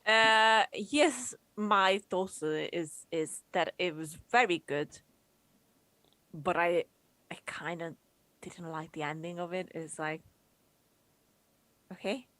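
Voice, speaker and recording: A woman's voice: lowish voice, slow, long pauses, fairly bright tone, dry recording. A woman co-hosting a film review show, sounding laid-back and noncommittal and using lots of fillers. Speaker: podcast co-host. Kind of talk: casual film review chat.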